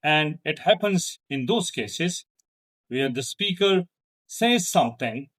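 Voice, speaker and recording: This online English lesson is led by a man whose native language is Urdu. He teaches slowly and deliberately yet with liveliness, demonstrating pitch as he goes.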